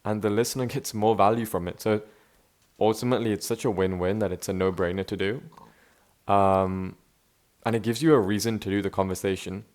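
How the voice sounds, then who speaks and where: A young vlogger speaks briskly in a slightly low voice during an unscripted, casual monologue. His manner is relaxed and self-reflective, and his loose speech is full of restarts plus plenty of "bro" and "man."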